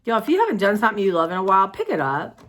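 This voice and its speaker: A woman's voice: medium pitch, very animated, racing, a bit bright. A woman, rambling chattily to her viewers in a casual art vlog. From United States. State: sore throat. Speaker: vlogger.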